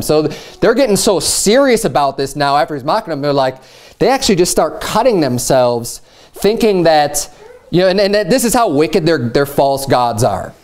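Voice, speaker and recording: A man delivering a sermon in a loose, conversational way, his voice sitting a little higher than most men's. He tells the story as if chatting, then leaps up in pitch to act out the quoted lines with a mocking edge. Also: a little mellow. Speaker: preacher.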